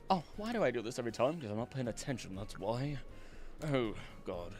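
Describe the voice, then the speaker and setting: A man streaming a game and chatting casually, rambling and animated, now and then slipping into playful voices. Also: mid-range voice, brisk, soft background music. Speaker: streamer and voice actor.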